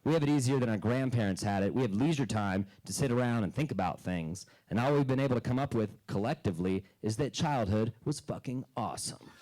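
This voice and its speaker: A man doing a stand-up comedy set on a club stage into a handheld mic, dry and deadpan, breaking into loud character bits. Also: medium pitch, poor audio.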